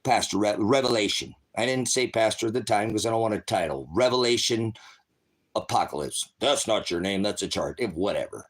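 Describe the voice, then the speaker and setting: A man's voice: on the low side, expressive, a little fast. A man preaching and chatting casually on a phone live stream at home, rambling and talking fondly to his dogs.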